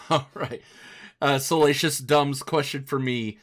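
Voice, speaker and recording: A man's voice: mid-range voice, fairly even intonation, slow pace, a bit bright. A man hosting a podcast from his home studio, chatting casually in an upbeat, talkative way and often restarting sentences. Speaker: podcast host. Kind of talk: casual chat.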